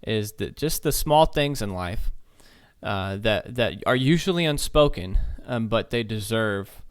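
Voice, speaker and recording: Low-voiced man hosting with hesitant "uh"s. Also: lively intonation, measured pace, smooth. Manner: hesitant, many "uh" restarts. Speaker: podcast host. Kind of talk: casual podcast chat.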